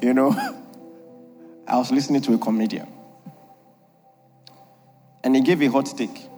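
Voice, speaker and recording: A man's voice: mid-range voice, measured pace, warm tone, long reverb tail, soft background music. A man preaching a humorous sermon on marriage, jokey and emphatic, laughing often at his own lines.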